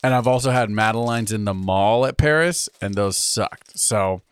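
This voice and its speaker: A man's voice: fairly low pitch, moderate pace, clean tone. Rambling, laughing podcast co-host man. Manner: rambling, laughs often, trails off mid-sentence. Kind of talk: casual chat.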